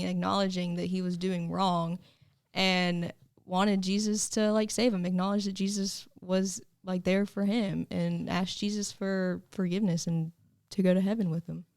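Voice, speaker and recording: A woman's voice: medium pitch, fairly even intonation, a little slow, darkish tone. A young woman on a student faith podcast, casually retelling a Bible story with lots of "like"s. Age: young adult. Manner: chatty, retells story with many "like"s.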